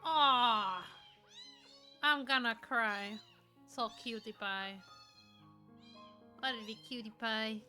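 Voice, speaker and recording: A woman's voice: fairly high pitch, lively intonation, drawn-out words, long pauses, sharp tone, faint music behind. A woman streamer chatting casually on a livestream, gushing and cooing in baby talk at a cat video. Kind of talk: casual livestream reaction chat.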